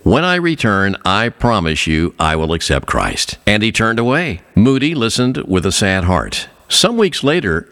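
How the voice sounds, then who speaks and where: A man preaching a sermon, earnest, telling a story and slowing down on key phrases. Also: fairly bright tone. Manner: earnest, swings pitch widely for emphasis.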